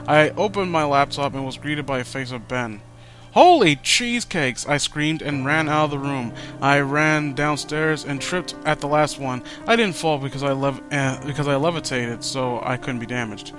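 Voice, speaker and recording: A man hosting a mocking dramatic reading of fan fiction, with sarcastic asides and frequent stumbles over words. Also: medium pitch.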